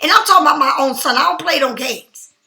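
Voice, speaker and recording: A woman's voice: sits high, expressive, fast talker, sharp tone, roomy sound. Blunt, scolding woman tarot reader. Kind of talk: spontaneous monologue to viewers.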